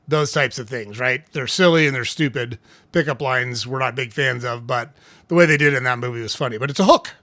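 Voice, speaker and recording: A man hosting a casual tips talk, speaking conversationally, often checking in with "right?" and clearing his throat now and then. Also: mid-range voice, moderate pace, sharp tone, no echo. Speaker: host.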